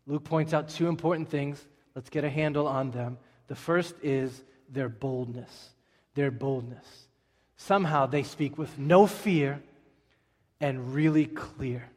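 A man preaching a sermon, telling stories with lively swings between quiet asides and loud emphasis. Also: a little high, slow pace. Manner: animated storytelling preacher, shifting from soft to loud. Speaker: pastor. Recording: long hall reverb.

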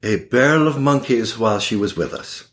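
Animated, wry older man telling stories. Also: fairly low pitch, moderate pace. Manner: animated, wry and laughing, with quoted voices. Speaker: guest, oral surgeon. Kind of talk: casual storytelling in a podcast interview.

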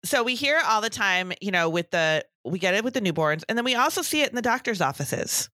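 A woman's voice: medium pitch, expressive, fairly quick, pushed and bright, no room sound, clean studio sound. A middle-aged woman co-hosting a casual podcast, speaking emphatically with exasperated asides about work in a pediatric office. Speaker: podcast co-host, breastfeeding professional.

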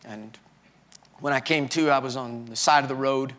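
A man, preaching as a pastor and telling his own story, moving from loud fury to quiet, halting confession. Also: medium pitch, steady tone. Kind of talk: sermon testimony.

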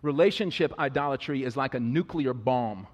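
A man preaching a sermon, animated, jumping from loud, high-pitched bursts to low, quiet asides. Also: moderate pace. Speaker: pastor. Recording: long reverb of a large hall.

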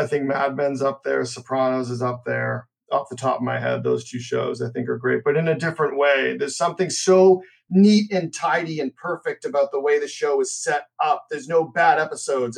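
A man co-hosts a casual podcast, explaining at length and restarting his sentences. His voice is gravelly and husky. It sits at an ordinary middle pitch. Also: normal speed, few pauses, low-quality recording. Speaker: podcast co-host.

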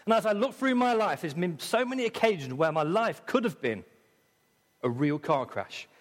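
A middle-aged man with an English accent preaching a sermon, dramatic, acting out voices in quotes and swinging between loud and soft. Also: high-pitched, expressive, moderate pace, big-room sound. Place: church hall.

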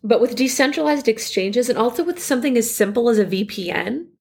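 A woman in her thirties co-hosting a podcast, explaining in a relaxed, plain way and laughing easily. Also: fairly high pitch, brisk. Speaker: podcast co-host, crypto analyst. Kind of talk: casual expert chat.

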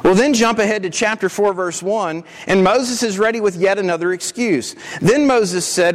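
A man's voice: high voice, moderate pace, hardly any pauses. A man preaching a sermon as pastor, earnest, often repeating words as he restarts a thought.

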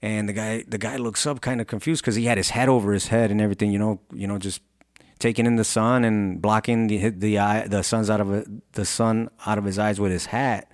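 A man's voice: lowish voice, steady tone, a little fast, no room sound, clean studio sound. Earnest, rambling man telling a story. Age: adult with children. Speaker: apparel brand founder. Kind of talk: motivational monologue.

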